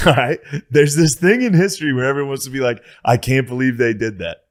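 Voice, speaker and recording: A man co-hosting a comedy podcast, chiming in with quick jokes and agreement. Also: mid-range voice. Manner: quick interjections, joking asides, lively. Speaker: podcast co-host. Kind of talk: casual comedy podcast chat.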